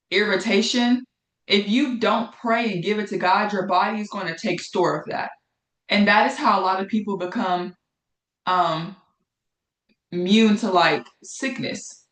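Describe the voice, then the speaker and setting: This Bible study, given in an echoey room, is taught by a woman whose mid-range voice has a fairly bright tone. She speaks casually and conversationally, often repeating phrases to stress them.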